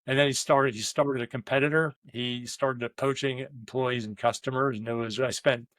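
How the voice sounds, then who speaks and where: A man's voice: medium pitch, steady tone, moderate pace, fairly bright tone, no room sound. Man telling stories in a dry close recording. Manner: rambling, with frequent restarts and quoted asides. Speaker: leadership coach and business owner. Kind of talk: candid conversational storytelling.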